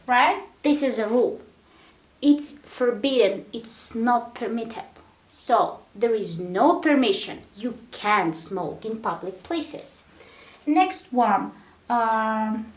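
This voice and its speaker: Slow, patient woman teaching English. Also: a little high, lively intonation, slight background noise. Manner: slow, patient, repeats words one at a time for stress. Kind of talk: grammar lesson at a whiteboard. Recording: echoey room.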